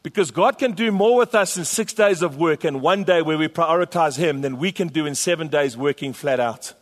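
A man's voice: fairly high pitch, normal speed. A man pastor preaching a sermon to his church, emphatic and repetitive. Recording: long hall reverb.

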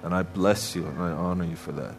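A man's voice: deep voice, steady tone, fairly quick, vocal fry, a little hiss or hum. Emphatic preacher man from Canada. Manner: emphatic, repetitive, heartfelt blessings. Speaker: guest preacher. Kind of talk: sermon. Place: church sanctuary.

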